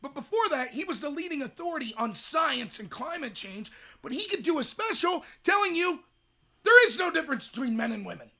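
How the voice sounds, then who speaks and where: A young adult man hosting a livestream, ranting in rapid, emphatic commentary. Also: extremely high pitch, sing-song, bright, forceful tone. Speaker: host.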